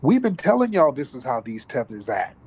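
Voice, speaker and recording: A man's voice: mid-range voice, sing-song, brisk, darkish tone, slight background noise, poor audio. A man hosting a commentary talk show, talking emphatically and profanely like a preacher. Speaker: host.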